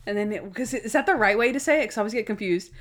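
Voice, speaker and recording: A woman in casual chat, excitedly retelling a favorite TV episode and acting out its lines with frequent laughter. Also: mid-range voice, racing. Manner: animated, laughing storyteller acting out quotes.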